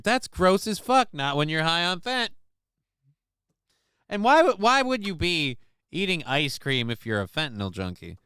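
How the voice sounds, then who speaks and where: A man's voice: mid-range voice, big pitch swings, moderate pace, long pauses, sharp tone, clean tone, dry recording, studio quality. A man hosting a live-stream show, reading chat messages aloud and riffing with crude, sarcastic, rambling commentary.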